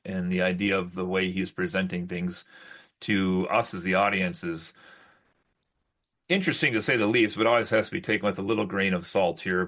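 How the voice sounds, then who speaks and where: A man's voice: lowish voice, fairly bright tone. A man co-hosting a podcast in casual chat, rambling and restarting often. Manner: rambling, with many fillers and restarts. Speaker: podcast host.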